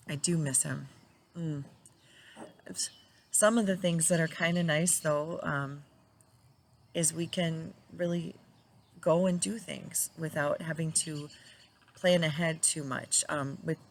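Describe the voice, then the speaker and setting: Low-voiced middle-aged woman talking tenderly. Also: a little hiss or hum. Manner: tender, reflective, laughing now and then. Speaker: widow sharing her grief journey. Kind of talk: casual personal talk to camera.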